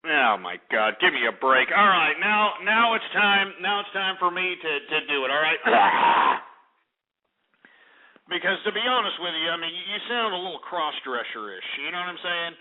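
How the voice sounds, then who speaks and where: A man's voice: on the high side, sing-song, moderate pace. Brash, insulting radio host man. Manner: brash, insulting, profane, rambling. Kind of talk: call-in radio talk. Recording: tinny phone-like radio audio.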